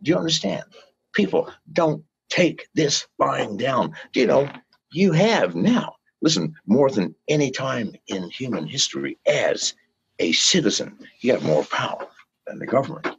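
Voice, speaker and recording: An older man rants through an interview with a gravelly, husky voice. He is fiery and profane, dropping to low mutters and then climbing into shouted pleas. The audio is dull and lo-fi. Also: big pitch swings, a little slow. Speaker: guest. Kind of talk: impassioned interview rant.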